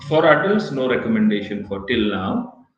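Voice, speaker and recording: A male pediatrician, explaining vaccines to parents in a halting, explanatory way during an online workshop. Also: on the low side, expressive, a bit bright. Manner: explanatory, halting with self-corrections. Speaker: pediatrician answering parents' questions. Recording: echoey, dull lo-fi call audio.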